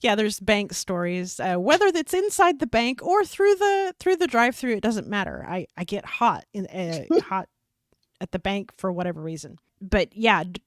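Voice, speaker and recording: A woman's voice: medium pitch, big pitch swings, normal speed, no room sound. A middle-aged woman co-hosting a faith podcast, telling a personal story in casual chat with laughs and restarts. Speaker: podcast co-host.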